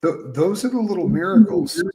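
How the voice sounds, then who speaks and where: A man's voice: high-pitched, brisk, gravelly, rough recording. A male podcast host chatting casually, telling stories and acting out the dialogue in them. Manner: animated, acts out quoted dialogue. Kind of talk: casual conversational storytelling.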